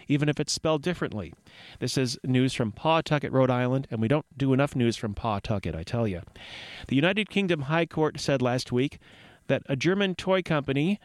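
A man's voice: medium pitch, no room sound. Dry-voiced wisecracking male radio host. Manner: wry, rambling asides and puns. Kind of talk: jokey community radio news segment. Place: radio studio.

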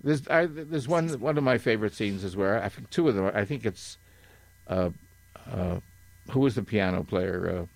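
An older man reading a passage from a book and chatting, halting and correcting himself, with frequent chuckles. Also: fairly low pitch, animated, vocal fry, dry recording. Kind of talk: reading aloud and casual chat.

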